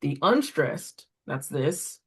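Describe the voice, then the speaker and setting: Explaining reading correction steps as a tutor trainer, this woman points at examples and uses fillers in an instructional walkthrough. She sounds low-pitched, creaky, and husky, very animated yet slow.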